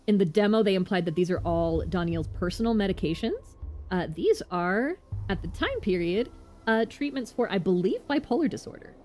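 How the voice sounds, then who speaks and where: A woman casually commenting while streaming a game, chatty and excitable with frequent laughs. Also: medium pitch, moderate pace, slight background noise.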